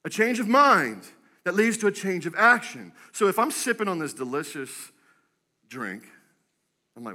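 A man preaching a sermon as pastor, telling stories with animated acted-out voices. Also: high voice, normal speed. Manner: animated storytelling, acts out quoted voices. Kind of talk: energetic sermon.

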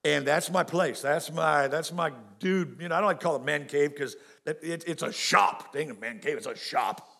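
This is a middle-aged man delivering a sermon. His voice sits a little high for a man. He keeps it folksy and animated and talks straight to his congregation. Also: normal speed, vocal fry, hardly any pauses. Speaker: pastor.

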